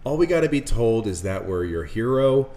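Male co-host, lively pitch, short agreeing chime-ins, casual podcast. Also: moderate pace. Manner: brief affirming interjections.

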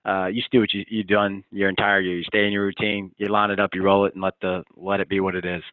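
A man's voice: low voice, level tone, quick pace, no echo. A man, a college golf coach, telling a story with energy and enthusiasm in a casual interview. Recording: tinny phone line.

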